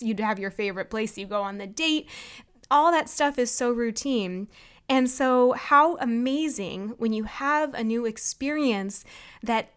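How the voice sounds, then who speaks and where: A woman in her thirties hosting a podcast, giving a casual motivational talk in a chatty way, full of "like" and "you know". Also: on the high side. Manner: chatty, frequent "like" and "you know", laughs often. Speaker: podcast host.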